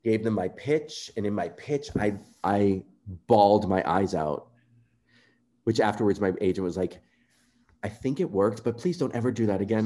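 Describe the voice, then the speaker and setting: A man being interviewed, telling a personal story in an earnest, animated way and acting out quoted remarks. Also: fairly low pitch, normal speed. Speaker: composer guest.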